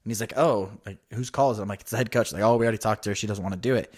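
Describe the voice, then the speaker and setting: This is a podcast co-host in his thirties whose voice sits on the low side and moves very fast. He narrates a story in casual chat, bringing it to life by quoting others in their voices.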